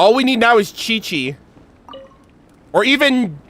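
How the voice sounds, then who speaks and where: Animated high-voiced male streamer. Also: unhurried, pauses often. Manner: excitable, swears, gushes and laughs. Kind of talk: casual gameplay reaction, reading dialogue aloud.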